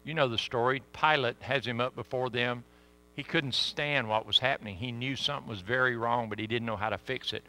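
A man preaching a sermon with sudden swings between loud emphasis and hushed asides. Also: medium pitch, fairly even intonation, fairly quick.

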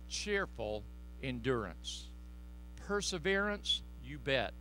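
Male pastor, bright edgy tone, fervent sermon with quiet folksy asides, faint hiss underneath. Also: medium pitch, expressive, unhurried. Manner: impassioned, swinging from loud exhortation to hushed asides; folksy and joking with the congregation. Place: church.

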